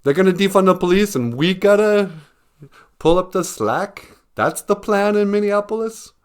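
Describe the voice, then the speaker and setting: A man's voice: high voice, animated, normal speed, smooth, voice pushed up. A man voicing a social worker who is overwhelmed and incredulous. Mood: alarmed. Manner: indignant, incredulous.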